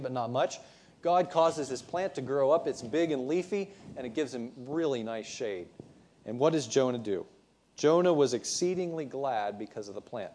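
A man's voice: mid-range voice, a little mellow. A male preacher giving a sermon, retelling the story conversationally with frequent restarts.

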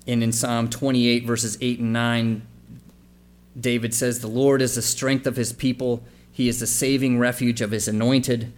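A pastor with a medium-pitched, level voice preaches at a moderate pace, reading scripture aloud and then unpacking it conversationally. He poses questions to the congregation and spells out letters for emphasis.

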